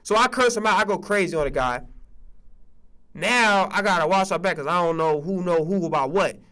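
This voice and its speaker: Guy with a high bright voice going off on a profane sports rant, all over the place in pitch. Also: moderate pace. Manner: animated, profane, repetitive ranting. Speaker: sports podcast host and streamer. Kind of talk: casual ranting commentary.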